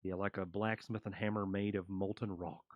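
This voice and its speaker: A man running a tabletop fantasy game as game master, describing the scene in halting narration full of fillers. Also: sits low, flat delivery, dull audio.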